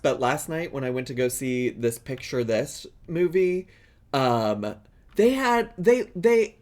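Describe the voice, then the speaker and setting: A man commenting on a video in a casual, joking way, often breaking into laughter. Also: high-pitched. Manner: animated, joking, bursts of laughter. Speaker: reaction vlogger.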